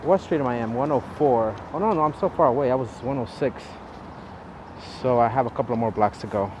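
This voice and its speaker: A man doing a casual live walking vlog while playing a mobile game, chatty and profane, with loud exasperated outbursts. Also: medium pitch, quick pace. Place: outdoors on a city street, walking. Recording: noisy city street, traffic behind.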